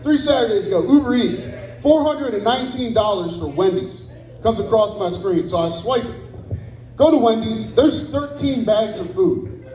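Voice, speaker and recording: A man's voice: high-pitched, lively intonation, normal speed, darkish tone. A young man doing a crude stand-up set at a club on a handheld mic, rambling and profane, with asides to the crowd. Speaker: stand-up comedian. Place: comedy club stage. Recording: roomy club echo.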